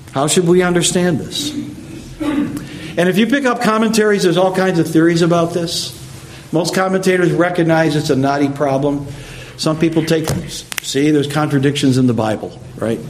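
A man's voice: a little high, a little hiss or hum. A man preaching a verse-by-verse sermon, explaining the text in a conversational way with frequent asides to the listeners. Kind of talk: expository sermon.

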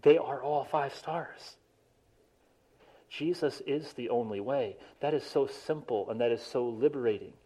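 A man preaching a sermon, animated, stressing key words and slowing down for emphasis. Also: medium pitch, low-quality recording. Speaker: pastor.

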